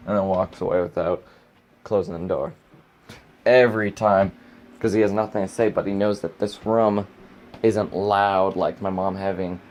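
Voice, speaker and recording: A man's voice: lowish voice, darkish tone, slight background noise. A young man venting in a casual home vlog, ranting with exasperation and swearing freely, recorded in his bedroom. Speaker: vlogger.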